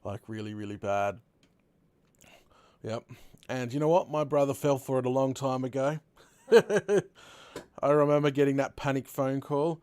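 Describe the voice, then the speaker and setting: A man's voice: medium pitch, unhurried, pauses often, clear, resonant tone, no echo. A young Australian man hosting a live stream, chatting casually and telling stories with frequent laughs. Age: young adult. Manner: chatty, laughs often, animated storytelling. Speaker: host streamer.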